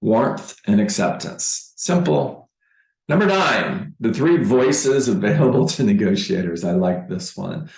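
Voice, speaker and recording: A man giving a motivational sales training talk as a real estate coach, deliberate and emphatic, repeating key phrases. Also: on the low side, animated, gravelly, a little mellow, roomy sound, poor audio.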